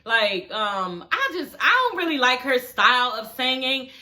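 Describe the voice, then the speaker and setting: A woman chatting casually to her viewers, sassy and blunt, cursing freely. Her voice sits a little high and rings bright and forceful. She sounds close to the mic in a home setting. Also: sing-song, a little slow. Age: adult with a daughter. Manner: sassy, blunt, swears freely, sings snippets mockingly. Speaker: show reviewer. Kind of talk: casual reaction commentary.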